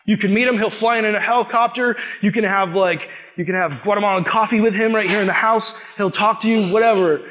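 A young man as youth pastor, preaching a sermon with animated storytelling that acts out the dialogue. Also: sits high, quick pace, few pauses.

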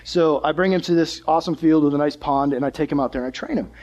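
Brief: young male youth pastor, lively, chatty sermon, bright high voice. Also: fast. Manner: animated, conversational preaching.

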